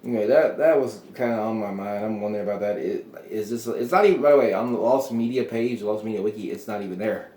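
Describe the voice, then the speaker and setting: A man's voice: lowish voice, quick pace, hardly any pauses, dark tone, reverberant. A man hosting a casual solo show, rambling through his thoughts with frequent chuckles and trailing off. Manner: meandering, chuckling often, trailing off. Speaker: podcast host.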